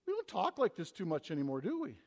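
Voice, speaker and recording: A man with a high voice preaches a sermon, rising to loud, emphatic scripture readings and then dropping low and quiet. His voice rings out through a long church reverb. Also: huge pitch swings, fast talker, creaky. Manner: preaching with big swings between loud emphasis and quiet asides. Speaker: pastor.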